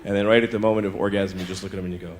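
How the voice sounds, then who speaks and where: A man's voice: lowish voice, steady tone, racing, heavy background noise. A middle-aged man doing a stand-up routine, talking casually and profanely with self-deprecating asides. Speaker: stand-up comedian. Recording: live show with audience laughter. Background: audience laughter.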